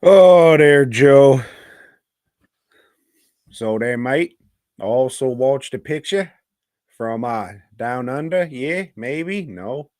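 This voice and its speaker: A man co-hosting a movie podcast talks slowly and rambles through jokes and crude asides. He tosses in "mate" slang in a casual, profane review style. His voice sounds close and dry, with no room around it. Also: mid-range voice, animated, darkish tone, no echo. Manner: rambling, joking, drops "mate" and "blokes and birds" slang.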